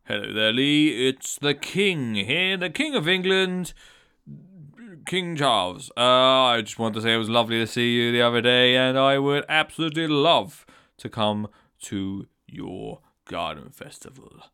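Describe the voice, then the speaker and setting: A man putting on a slow, plummy elderly king leaving a polite message. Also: mid-range voice, animated, sharp tone, clean tone. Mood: courtly. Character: stately elderly British king, genteel.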